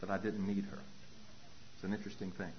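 A man's voice: low voice, steady tone, fast, lo-fi sound. A man giving a personal recovery talk at a meeting, telling his story with animation and acting out dialogue.

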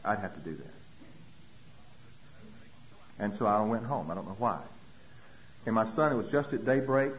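A man sharing his recovery story from a podium as a personal testimony, telling it in an animated way and acting out other people's voices. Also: lowish voice, moderate pace, long pauses. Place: speaking at a podium. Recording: dull lo-fi recording with faint hiss.

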